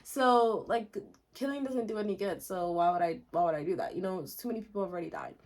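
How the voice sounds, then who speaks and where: A woman recapping a story in a casual, chatty way, full of "like" and little giggles, with quick asides. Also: medium pitch, darkish tone. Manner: chatty and giggly, heavy use of "like". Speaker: video host recapping a musical. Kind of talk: casual chat.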